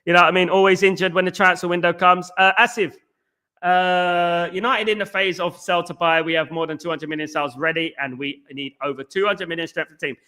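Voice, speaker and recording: A Northern English man runs a casual fan livestream and chats through viewer comments. His voice sits high and sounds bright and forceful, and he keeps repeating words and shout-outs. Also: steady tone, fairly quick. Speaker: host of a football fan livestream. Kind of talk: casual live chat reading viewer comments.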